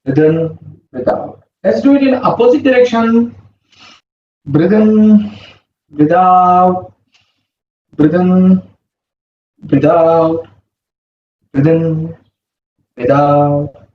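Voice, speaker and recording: Slow, high-voiced male yoga instructor. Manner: slow, calm breathing cues. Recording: roomy, distant, muffled with faint hum.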